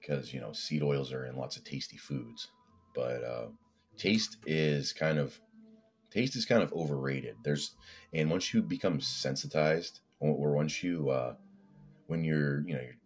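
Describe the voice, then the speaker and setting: Man with an extremely deep voice. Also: a little slow, soft background music. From Canada. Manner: rambling, laid-back, swears casually. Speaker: fitness vlogger. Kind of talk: casual rambling chat.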